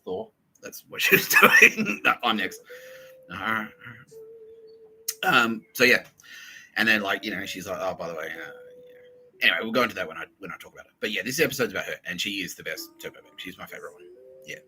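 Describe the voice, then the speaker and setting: An Australian man riffs through a comedic podcast monologue, swearing freely and cracking himself up as he rambles. His voice sits low but rings bright and crisp, rising and falling in big lively swings. Faint music plays behind him. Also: fast talker, a little hiss or hum, rough recording. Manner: rambling, sweary, laughing at own jokes; slips into mock voices for bits. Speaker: podcast host.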